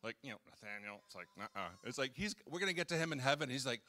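Racing along in a pushed, bright voice of medium pitch, a pastor delivers an animated, casual sermon in a church hall. He engages the congregation directly, jokes, and acts out quotes.

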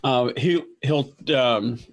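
A man's voice: medium pitch, takes it slowly. A man playing in a tabletop role-play, hesitant and full of ums as he narrates what his character does. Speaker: player.

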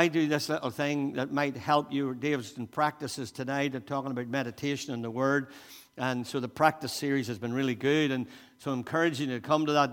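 A man preaching a sermon as pastor, animated and repetitive, turning soft and quiet when he voices a prayer. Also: medium pitch. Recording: long hall reverb.

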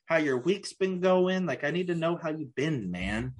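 A man's voice: a little high, expressive, normal speed. A man co-hosting a casual podcast, joking, laughing often and drifting into tangents. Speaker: podcast co-host. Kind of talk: casual chat.

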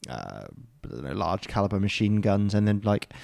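A man's voice: on the low side, sing-song, moderate pace, gravelly, darkish tone, no echo. A man co-hosting a casual podcast chat over beers, rambling and hesitant, swearing now and then. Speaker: podcast co-host.

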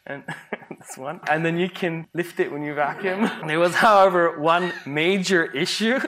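A man with a bright, forceful voice gives a humorous talk at a conference. His delivery is playful and sarcastic. He sits a little high for a man and often breaks into laughter. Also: measured pace. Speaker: conference speaker, psychologist.

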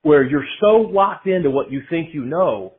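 A man's voice: on the high side, lively intonation, moderate pace, breathy edge. A man from Atlanta in his forties, hosting a casual podcast, who rambles and often restarts his sentences. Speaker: podcast host. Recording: tinny phone-like line.

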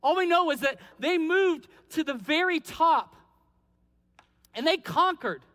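Guy preaching in a big echoey hall, really high bright voice, acts out the characters. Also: measured pace. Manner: animated storytelling, acting out biblical characters. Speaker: pastor. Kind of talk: sermon.

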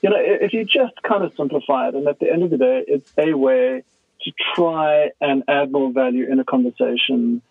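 A man as a guest expert, explaining in a casual, animated way and acting out quoted dialogue. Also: medium pitch, moderate pace, gravelly, no room sound. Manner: animated storyteller who acts out quoted dialogue. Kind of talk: conversational podcast explanation. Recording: tinny phone line, dry.

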